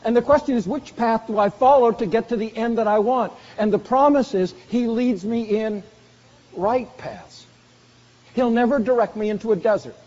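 A man preaching a sermon earnestly, slowing down for emphasis and dropping soft on key phrases. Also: very high voice. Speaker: pastor. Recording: dull lo-fi recording in a reverberant hall.

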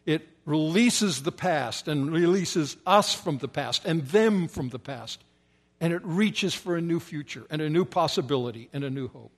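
Male preacher with a slightly high voice, emphatic and repetitive, sometimes sinking to a hush. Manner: emphatic repetition, often dropping to soft, low tones. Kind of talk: sermon.

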